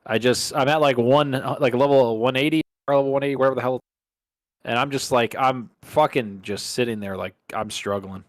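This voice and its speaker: A man co-hosting a casual gaming podcast, animated and profane, often jumping into high mocking voices. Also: a little fast, no echo, clean studio sound. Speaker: podcast co-host.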